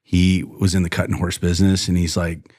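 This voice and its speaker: A man's voice: sits low, brisk, dry recording, studio quality. A man telling stories as a podcast guest, rambling with fillers and restarts, often laughing and acting out what others said. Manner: animated storyteller who acts out other people's lines and laughs often. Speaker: podcast guest, rodeo bullfighter and horseman. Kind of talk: casual storytelling interview.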